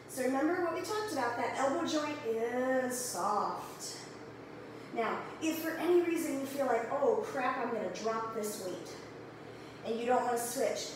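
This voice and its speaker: A woman's voice: a little high, background noise. A woman from the American Midwest coaching a home workout while exercising, slightly out of breath and chatting as she cues each move. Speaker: fitness instructor. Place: home workout room with mirrors. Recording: echoey room, voice from far off.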